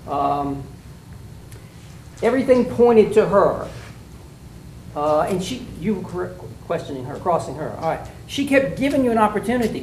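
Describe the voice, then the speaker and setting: A man's voice: sits high, animated, normal speed, a little mellow. Folksy man giving feedback. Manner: folksy, plainspoken, with many fillers. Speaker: mock trial judge giving feedback. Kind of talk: spoken critique to students. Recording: echoey room from far off, faint room noise.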